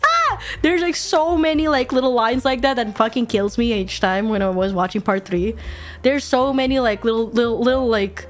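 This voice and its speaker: A woman streamer chatting casually while she draws, animated, swearing freely and laughing often. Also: fairly high pitch, normal speed. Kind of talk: casual chat while drawing.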